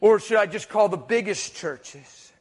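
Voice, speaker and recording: A middle-aged man preaching a sermon, telling stories with hushed asides and loud bursts of emphasis. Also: high-pitched, unhurried. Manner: storytelling, animated, swings between hushed asides and loud emphasis. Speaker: traveling preacher.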